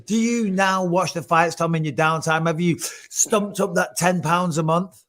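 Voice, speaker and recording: A man's voice: on the high side, moderate pace, fairly bright tone. A man from England hosting a casual interview, asking his guest teasing, jokey questions. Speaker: podcast host.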